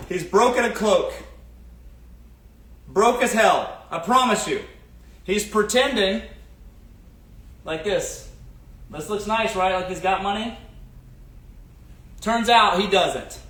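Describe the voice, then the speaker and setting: A man's voice: high-pitched, fairly bright tone. A man hosting a casual advice livestream, speaking emphatically and repeating his catchphrases. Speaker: show host. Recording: roomy echo.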